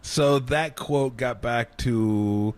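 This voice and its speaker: A man's voice: mid-range voice, drawn-out words. Middle-aged guy on sports radio, telling old locker room stories, lots of voices and laughs. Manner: animated storyteller, acts out quotes, laughs often. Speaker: former basketball player guest. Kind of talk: radio sports talk storytelling.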